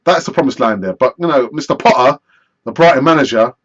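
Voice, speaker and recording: A man hosting a live football fan stream, chatty and animated as he answers viewer messages. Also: mid-range voice, fast, highs cut off. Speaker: football fan channel host.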